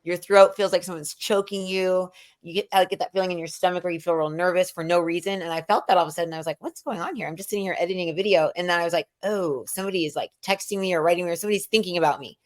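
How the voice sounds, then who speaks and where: A woman's voice: on the low side, fairly even intonation, racing. A middle-aged woman rambling through casual spiritual chat, acting out quoted people with sudden jumps in her voice. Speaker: spiritual medium and co-host.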